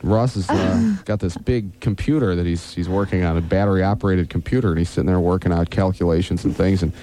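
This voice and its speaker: A man hosting a radio morning show, telling long jokes and slipping into quick character voices. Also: low-pitched, mellow, slight background noise.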